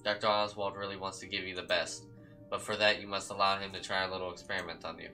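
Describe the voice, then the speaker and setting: A man's voice: low voice, flat delivery, fast talker, pushed and bright, soft background music, exaggerated voice. A man voicing a stern, manipulative aunt who speaks in a cold, coaxing way.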